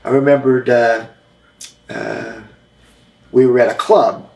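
A man's voice: medium pitch, steady tone, darkish tone. Man telling a rambling story, echoey room. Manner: rambling, halting storytelling with restarts. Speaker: interview guest, former wrestler. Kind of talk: storytelling in an interview.

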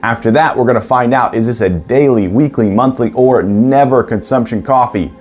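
A man's voice: medium pitch, moderate pace, darkish tone, soft background music. A man hosting a casual home vlog, reviewing coffee with upbeat enthusiasm and playful asides. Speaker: coffee reviewer and show host. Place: at home, indoors.

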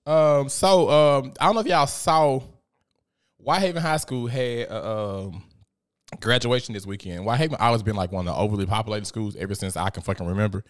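A man, hosting a podcast in a blunt, profane, animated storytelling manner. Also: fairly low pitch, brisk. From Memphis, USA. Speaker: podcast host. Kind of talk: casual podcast monologue.

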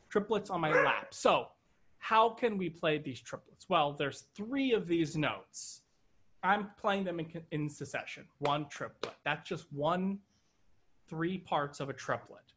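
A man's voice: on the high side, fairly bright tone, husky. A man teaching an online drum lesson over a video call, counting triplets aloud in rhythm and joking now and then. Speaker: drum instructor.

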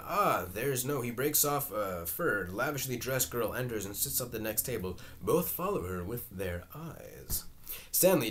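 A man's voice: medium pitch, fairly bright tone. A man reading a play aloud, voicing every part and reading character names and stage directions plainly.

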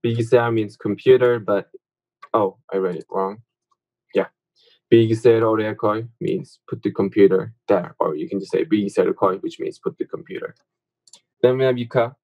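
A young man whose first language is Turkish, teaching verbs in a casual online lesson, full of fillers and quick to correct his own slips. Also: on the low side, vocal fry, darkish tone, lo-fi sound. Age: young adult.

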